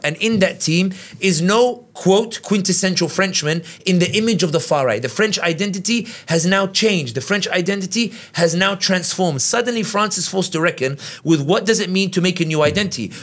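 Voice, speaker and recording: A man with a somewhat high voice speaks as a podcast guest, spirited and quick. He breaks into little impressions of the people he quotes. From United Kingdom. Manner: animated, quick, acts out quotes in other voices. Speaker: guest commentator. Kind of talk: conversational analysis.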